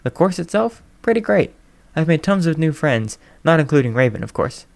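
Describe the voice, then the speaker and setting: Guy reading as a snarky teen girl student, quick sarcastic comebacks. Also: fairly high pitch, very animated, gravelly, voice pushed up. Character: sharp-tongued teenage girl hero student.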